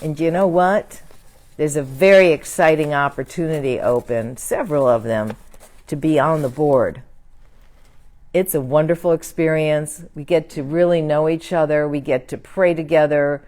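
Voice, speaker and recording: A woman minister leading a prayer and closing a church service in a gentle, prayerful way. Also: low voice, normal speed.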